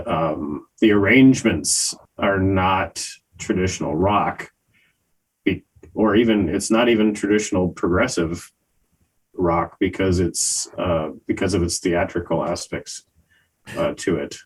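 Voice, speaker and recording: An older man co-hosting a music review podcast, talking in a casual, hesitant way with many pauses and fillers. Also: low-pitched, slightly rough, low-quality recording. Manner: slow, hesitant, many ums and uhs. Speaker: podcast co-host reviewing albums. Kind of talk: casual chat.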